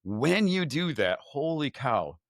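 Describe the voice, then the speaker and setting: A man guest on a faith podcast, telling a personal story in a candid, animated way, often repeating words and restarting. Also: on the high side, slow pace, no echo. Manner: animated storyteller who acts out his own thoughts.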